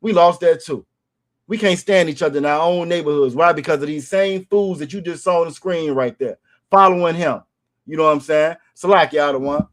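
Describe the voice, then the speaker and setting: A man's voice: on the high side, a little fast. A man hosting a casual commentary podcast, talking emphatically, repeating phrases and asking "you feel me?". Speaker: show host.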